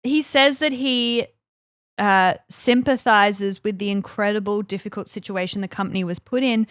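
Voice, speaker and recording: A woman co-hosting a podcast in casual conversation, telling a story with plenty of fillers and quick acted-out quotes. Her voice sits at an ordinary pitch and sounds close and dry, with no room around it. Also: fairly even intonation, a bit bright, clear, resonant tone, no room sound. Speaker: podcast co-host. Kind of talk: casual chat, recounting events.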